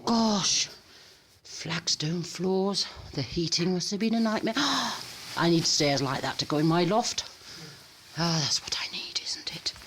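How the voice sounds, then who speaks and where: A woman vlogging casually while walking around a rural old house, chatty and excitable, gasping and exclaiming often. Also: on the low side, measured pace, a little hiss or hum. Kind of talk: casual walking vlog chat. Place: outdoors at a rural old house, partly inside.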